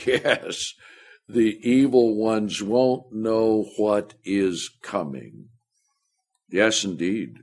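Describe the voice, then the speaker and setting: A man preaching a sermon, reading scripture aloud and swelling louder and higher on the verses. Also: husky. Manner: slow, deliberate delivery that rises loud and high when reading verses.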